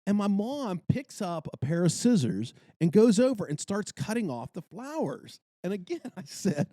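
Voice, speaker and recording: Animated storytelling man, lively pitch. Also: normal speed, no room sound, studio quality. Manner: animated storyteller, exclaiming as he retells. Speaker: podcast co-host. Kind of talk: casual chat.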